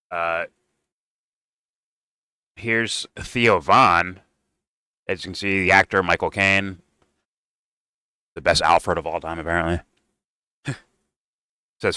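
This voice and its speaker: A man's voice: low-pitched, sharp tone, clean tone, dry recording. A man hosting a casual reaction commentary, heated, sarcastic and profane. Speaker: political commentator.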